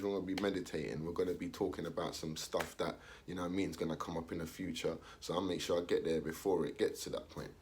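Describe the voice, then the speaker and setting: A man's voice: low-pitched, a little hiss or hum. A young man, talking casually in street slang, ranting his opinion and acting out the voices of others. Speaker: commentator.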